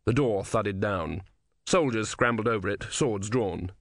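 A man narrating an audiobook with expressive storytelling. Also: fairly low pitch, unhurried, dry recording, studio quality. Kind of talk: scripted narration.

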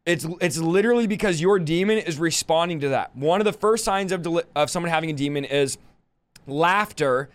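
A man's voice: on the high side, a little fast. A man hosting a podcast, preaching in a rowdy, emphatic style and rattling off scripture references in rhythmic lists. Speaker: podcast host. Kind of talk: fiery preaching monologue.

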